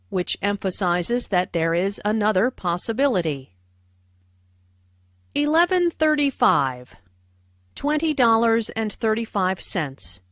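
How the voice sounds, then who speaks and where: A woman explaining English phrases as a teacher, in a careful, clear lesson voice on a dry studio mic. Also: mid-range voice, no echo. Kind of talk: slow, clear lesson narration.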